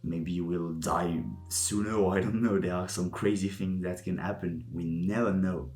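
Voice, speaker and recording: A young vlogger muses aloud to the camera in a rambling way, often searching for words. His voice is low, darkish, and steady, at a moderate pace. The room is echoey, with faint music behind him.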